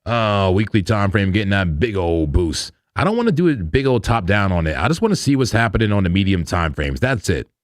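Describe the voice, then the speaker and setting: Fairly low in pitch but swinging widely, the man talks a little fast with hardly any pauses, in clean studio sound without echo. He hosts a live crypto trading stream, casually going through charts in slang and laughing often.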